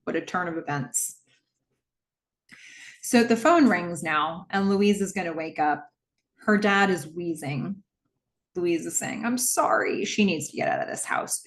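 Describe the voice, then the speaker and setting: A young adult woman casually recapping a horror movie plot, slowing down for the dramatic beats. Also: on the low side. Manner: expressive storyteller, slows for dramatic moments.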